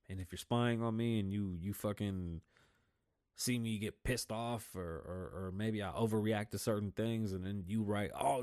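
A man hosting his own show, ranting heatedly about politics, swearing often and mocking the people he disagrees with. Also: fairly low pitch. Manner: heated, profane, mocking voices of opponents. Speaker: podcast host. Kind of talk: opinionated political rant.

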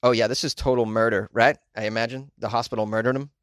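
A man's voice: mid-range voice, steady tone, quick pace, no room sound, clean studio sound. A man hosting a casual show, reading news stories aloud and chatting about them with joking asides and many fillers. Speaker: host reading and commenting on news.

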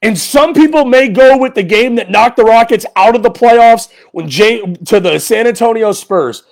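A man's voice: very high voice, moderate pace, gravelly. A male podcast host delivering an exasperated, emphatic post-game rant full of rhetorical questions.

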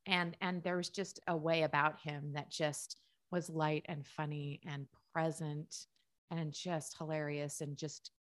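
A woman's voice: sits low, level tone, measured pace. A middle-aged woman speaking candidly and tenderly in a personal conversation, sometimes laughing through sad memories. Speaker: guest.

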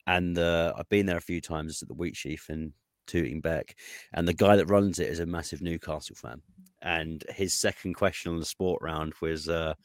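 Low-voiced guy rambling about footy on a podcast, lots of ums, dry sound. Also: steady tone, normal speed, no room sound. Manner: rambling, many fillers and restarts. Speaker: podcast guest, Fulham fan. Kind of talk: casual football podcast chat. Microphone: podcast microphone.

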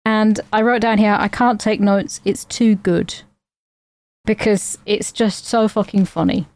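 A woman's voice: medium pitch, fairly even intonation, measured pace, darkish tone, dry recording. A woman co-hosting a podcast, recapping a comedy film in casual chat, rambling with fillers and laughing as she goes. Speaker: podcast co-host.

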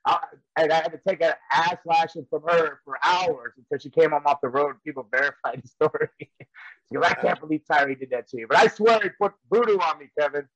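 A man's voice: fairly high pitch, brisk, fairly bright tone, no room sound, dull audio. A man and former wrestler telling rambling stories in casual chat, often laughing as he goes. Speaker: professional wrestler and trainer.

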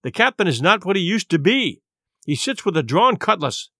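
A man's voice: high-pitched, big pitch swings, normal speed, sharp tone, no echo, studio quality, full character voice. Man voicing a nervous polite young boy. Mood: anxious polite. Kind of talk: audiobook character voice.

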